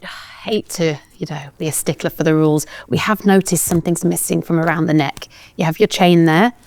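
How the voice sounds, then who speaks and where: A female co-host speaking in a mock-formal, deadpan office tone during a comedic interview bit. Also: deep voice, a little fast.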